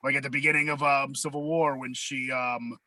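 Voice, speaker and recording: A man who is a guest on a podcast, explaining things in a halting way with many fillers. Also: medium pitch, little pitch movement, over a noisy crowd, low-quality recording. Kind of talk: casual chat.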